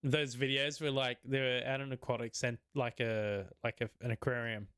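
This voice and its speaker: A man's voice: mid-range voice, level tone, normal speed, fairly bright tone, smooth, dry recording, clean studio sound. A man, co-hosting a casual podcast chat, rambling and laughing often. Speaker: podcast co-host.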